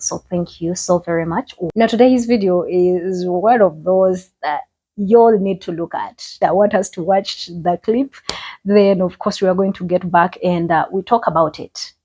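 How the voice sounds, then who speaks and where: A woman's voice: lowish voice, dark tone, slightly rough. A woman hosting her channel, opening a vlog in a friendly, grateful way. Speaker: channel host. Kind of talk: casual vlog intro.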